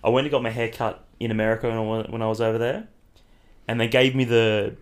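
Young male co-host, crude and chatty, easy storyteller, mid-pitched. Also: little pitch movement, fast. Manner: crude, storytelling, laughs often. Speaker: podcast co-host. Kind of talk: casual chat.

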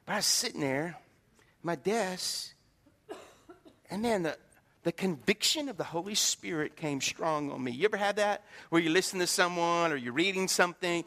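A man's voice: sits high, animated, normal speed, pushed and bright. A middle-aged man preaching a folksy, joking sermon, acting out the voices he quotes. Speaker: pastor. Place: church sanctuary. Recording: reverberant hall.

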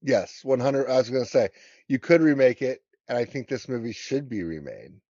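A man's voice: mid-range voice, expressive, normal speed, darkish tone, dry recording. Rambling American man, dull dry sound. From United States. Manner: rambling, lots of fillers and restarts. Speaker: podcast co-host. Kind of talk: casual film discussion.

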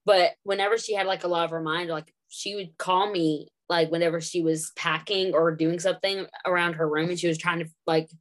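Chatty woman, lower voice. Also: steady tone, fairly quick, hardly any pauses. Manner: chatty, rambling with many fillers. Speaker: podcast co-host. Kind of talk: casual chat.

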